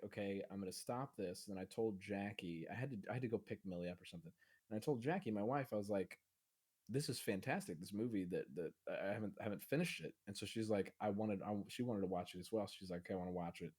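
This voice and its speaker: A man's voice: lowish voice, a little mellow. A man co-hosting a casual film podcast, rambling through stories with many fillers. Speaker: podcast co-host.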